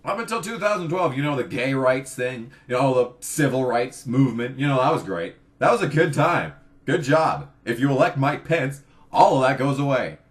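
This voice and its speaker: A man's voice: medium pitch, big pitch swings, normal speed. A young man in his twenties, a college student by his own account, giving a profane, exasperated rant on his vlog. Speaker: vlogger. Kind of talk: ranting political vlog.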